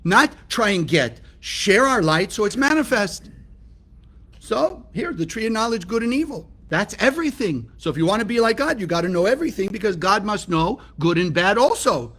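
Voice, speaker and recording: A man's voice: high voice, sing-song, moderate pace, fairly bright tone. A man from California teaching a spiritual lesson, emphatic and often asking his listeners rhetorical questions. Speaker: Kabbalah teacher.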